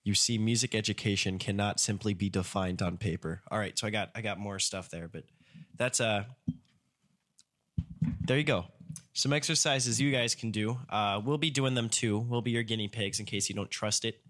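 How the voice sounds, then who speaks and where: A man co-hosting a casual podcast, laughing often and reading tongue twisters slowly. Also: lowish voice, fairly bright tone. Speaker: podcast co-host. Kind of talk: casual chat.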